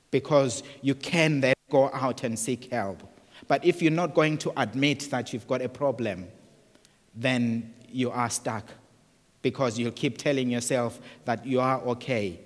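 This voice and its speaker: A man's voice: medium pitch, long reverb tail. A man preaching a sermon in an earnest way, often repeating words and restarting phrases.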